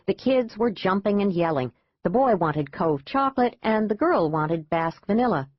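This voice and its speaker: A woman narrating a thriller audiobook in an even, measured reading. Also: mid-range voice, no echo. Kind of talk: scripted narration. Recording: dull dry lo-fi audiobook.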